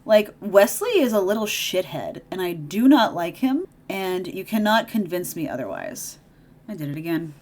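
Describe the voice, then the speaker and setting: A woman's voice: mid-range voice, lively intonation, moderate pace, a little mellow. A woman giving a casual movie recap while doing her makeup, chatty and opinionated, with sarcastic asides. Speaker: video creator.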